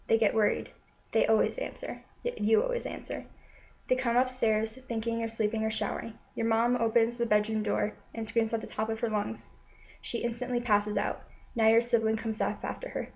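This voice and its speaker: A woman telling a story in a slow, solemn, steady manner, returning again and again to the same short lines. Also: on the high side, creaky, poor audio. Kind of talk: spoken second-person narration.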